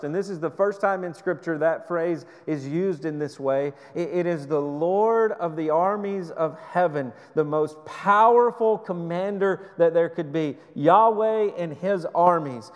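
A man's voice: on the high side, unhurried, hardly any pauses. A man preaching a sermon with passion, retelling scripture in the first person and pleading with his listeners. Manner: impassioned preaching, rising and falling, paraphrasing scripture in first person. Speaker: pastor. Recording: long hall reverb.

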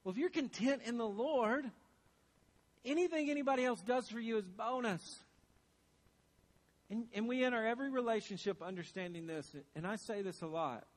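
A man's voice: extremely high pitch, moderate pace. A man pastor preaching a sermon, earnest and questioning, repeating phrases for emphasis.

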